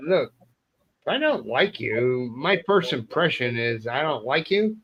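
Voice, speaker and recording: A man's voice: medium pitch, big pitch swings, unhurried. A man speaking frankly and emphatically as a guest on a casual talk show. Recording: dull, muffled sound.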